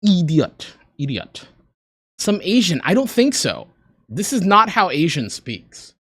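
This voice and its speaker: Guy rambling on his stream, lively voice, dry close mic, joking about himself. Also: sits high, a little slow, breathy edge, no echo. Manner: rambling, self-deprecating, joking with chat. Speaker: livestreamer. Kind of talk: casual reaction stream chat.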